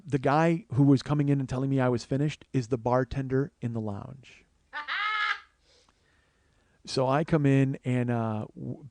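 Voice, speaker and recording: A man's voice: mid-range voice, no room sound. A comedian in his forties telling a personal story on a podcast, swearing often and acting out other people's lines. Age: 40s. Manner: animated storyteller, swears often, acts out the crowd in a raised voice.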